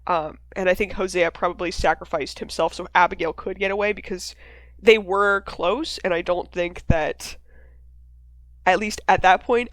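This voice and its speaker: A woman hosting a casual discussion, talking in an animated way, swearing freely and acting out characters' lines. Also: lowish voice, no echo. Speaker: podcast host leading a discussion. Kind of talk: casual chat.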